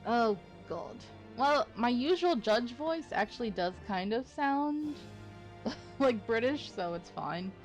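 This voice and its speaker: A woman's voice: fairly high pitch, animated, takes it slowly, faint music behind. Chatty, giggly woman playing a game. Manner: chatty, giggly, self-deprecating. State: tired throat. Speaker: gaming streamer. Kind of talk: casual let's-play commentary.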